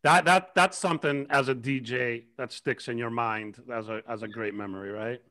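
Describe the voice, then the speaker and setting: A man hosting a casual panel chat, enthusiastic and jokey, quick to laugh and cheer his guests on. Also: medium pitch, steady tone, bright, forceful tone. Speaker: host.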